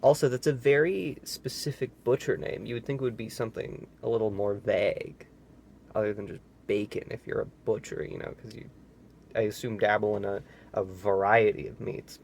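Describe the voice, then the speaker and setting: A man's voice: on the low side, fairly even intonation, normal speed, vocal fry, darkish tone, slight background noise. A man reading a children's book aloud and breaking off for sarcastic, incredulous comments. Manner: sarcastic asides, incredulous questions. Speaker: reader.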